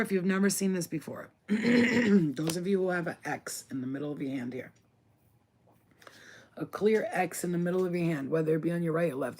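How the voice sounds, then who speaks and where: An adult card reader giving a casual, slangy and profane oracle card reading, talking straight to the viewer and getting excited over the cards. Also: medium pitch.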